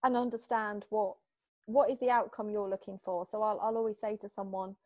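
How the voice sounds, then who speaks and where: A woman from Britain, a hypnotherapist guest in an interview, talking in a chatty, lively way and acting out little exchanges. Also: mid-range voice, fast talker, dry recording. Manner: chatty, animated, acts out little quoted exchanges. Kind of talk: casual interview talk.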